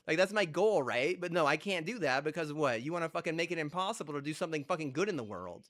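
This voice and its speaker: A man's voice: on the high side, lively intonation, quick pace, few pauses, a bit bright. A man streaming a game, ranting heatedly and profanely, with repeated rhetorical questions. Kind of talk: ranting chat while gaming.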